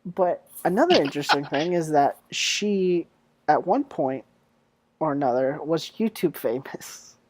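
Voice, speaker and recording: A man's voice: on the high side, animated, measured pace, dry recording. A young man hosting a casual podcast chat, joking and teasing his guests and laughing often. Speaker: podcast host.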